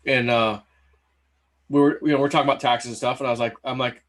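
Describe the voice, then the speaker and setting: A man hosting a casual chat, talking in a relaxed, chatty way and laughing easily. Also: medium pitch, quick pace. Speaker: host.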